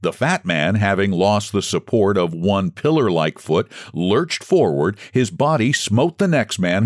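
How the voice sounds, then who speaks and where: Man reading a story aloud, low voice, very lively delivery, dry close sound. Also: unhurried, few pauses, no echo. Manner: expressive, dramatic storytelling. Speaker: host and story reader. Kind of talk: scripted narration.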